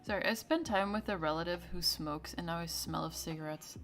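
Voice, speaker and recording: A young woman streamer chatting casually with her viewers, laughing often and trailing into quick asides. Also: fairly low pitch, fairly bright tone, faint music behind.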